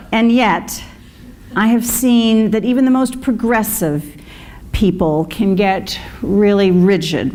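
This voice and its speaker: A woman's voice: mid-range voice, a little hiss or hum. A woman minister giving a conversational sermon, with fillers and asides to the congregation. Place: congregation hall.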